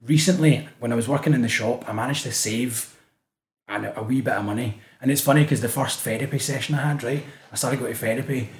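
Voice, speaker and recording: A man's voice: mid-range voice, fast, echoey room. A man with a Scottish accent from the Glasgow area, a guest chatting casually on a podcast. He tells stories with energy, swears often and acts out what others said. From Scotland. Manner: animated storytelling, swears often, acts out quotes. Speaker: guest, street artist.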